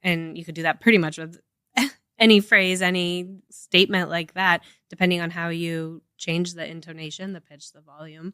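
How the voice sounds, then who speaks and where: A woman's voice: fairly low pitch, fairly even intonation, moderate pace, a bit bright, smooth, no room sound, studio quality. A woman co-hosting a casual podcast chat, explaining with examples and lots of "like" and "right?". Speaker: podcast co-host.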